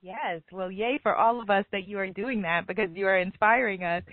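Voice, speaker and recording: A woman's voice: medium pitch, fairly quick, no echo. A woman hosting a podcast interview, chatty and encouraging toward her guest. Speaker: podcast host. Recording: tinny phone line, dry.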